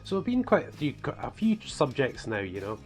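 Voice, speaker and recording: With soft music underneath, this medium-pitched man's voice swoops wildly up and down at a moderate pace. He's an author and preacher from northeast Scotland with a toned-down accent, presenting his book series to camera in a rambling, casual way heavy on "you know" and "guys."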